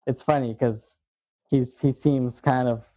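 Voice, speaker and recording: A man's voice: medium pitch, fairly even intonation, a little slow, mellow, no room sound. A man co-hosting a film podcast, chatting casually and retelling scenes at length. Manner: rambling retelling of movie scenes. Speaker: podcast co-host.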